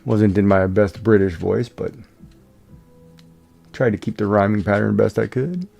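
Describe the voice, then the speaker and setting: A man's voice: lowish voice, measured pace, gravelly, dark tone, soft background music. A man streaming and chatting casually, rambling with lots of fillers and restarts. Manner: rambling, many "you know" fillers and restarts. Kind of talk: casual live-stream chat.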